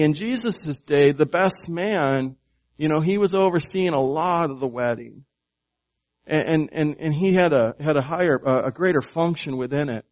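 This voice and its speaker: A man's voice: on the high side, muffled recording. A man preaching a sermon in a conversational way, asking the congregation questions and often repeating his words. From United States. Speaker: pastor.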